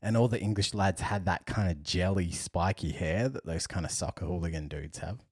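A young man with a very low, husky voice tells a story on a podcast with lively energy. He laughs often and acts out the other people in the story. The sound is dry and close. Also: normal speed, no echo. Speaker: podcast co-host. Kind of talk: casual storytelling chat.

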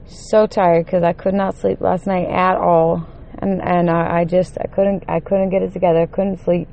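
A woman giving an angry, profanity-filled rant to her camera, running on one hour of sleep and climbing to shouts when her temper peaks. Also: on the low side, level tone, normal speed, creaky, lo-fi sound, slight background noise. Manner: heated, swearing constantly, rising to shouts. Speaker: vlogger.

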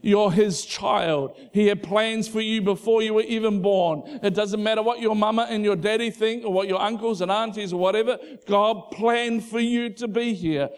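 A man's voice: sits high, fairly even intonation, normal speed, few pauses, smooth. Man preaching a conversational sermon. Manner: conversational preaching, soft hushed passages rising to fervent emphasis. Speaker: pastor.

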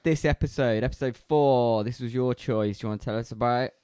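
A man's voice: medium pitch, brisk, warm tone, smooth, no echo, clean studio sound. Chatty man hosting podcast. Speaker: podcast co-host. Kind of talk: casual chat.

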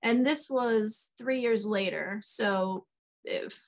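A woman's voice: a little high, takes it slowly. Woman guest, middle-aged, chatty storyteller voicing the people in her tales. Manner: animated, acts out quoted dialogue. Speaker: author guest. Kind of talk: casual storytelling chat.

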